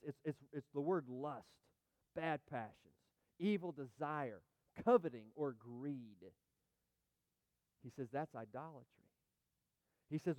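A middle-aged man preaching a sermon in an animated, emphatic way, repeating phrases and speaking directly to the congregation. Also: a little high, no room sound. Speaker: pastor.

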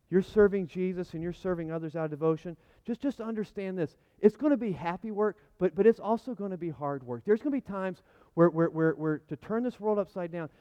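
A man in his thirties preaching a sermon in a conversational, animated way, often repeating his words. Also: high-pitched. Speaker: pastor. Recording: muffled lo-fi sound.

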